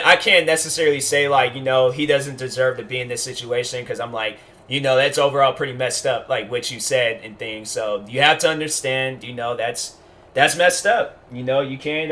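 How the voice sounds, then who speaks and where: A man's voice: medium pitch, normal speed, sharp tone. A man giving a casual commentary monologue as a YouTuber, rambling and emphatic, full of restarts.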